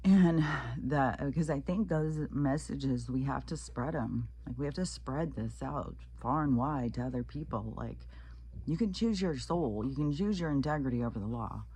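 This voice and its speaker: A woman's voice: a bass voice, expressive, normal speed, warm tone, husky. A woman talking in a casual, rambling vlog monologue, swearing freely and filling gaps with "um" and "like". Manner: profane, rambling, frequent fillers. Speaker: vlogger.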